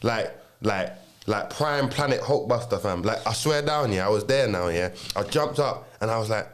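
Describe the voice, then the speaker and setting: A man's voice: fairly low pitch, normal speed. A young man telling a story in casual chat, swearing often and acting out what people said in a raised voice. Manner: animated, swears a lot, acts out quotes in a raised voice. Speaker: podcast co-host.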